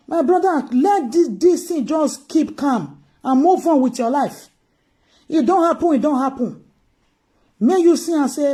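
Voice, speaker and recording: A woman's voice: high voice, animated, normal speed, mellow. A Nigerian woman with an Edo Pidgin accent giving emphatic political commentary on a livestream, repeating her key phrases. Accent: Nigerian Pidgin English, Edo. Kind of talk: live-streamed political commentary.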